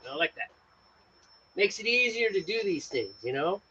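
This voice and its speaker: Man hosting a homebrew vlog, joking and lively, on a muffled recording with faint hiss. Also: high-pitched, normal speed. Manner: joking, rambling. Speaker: homebrewing show host. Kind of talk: casual chat while brewing. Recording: dull lo-fi sound with faint noise.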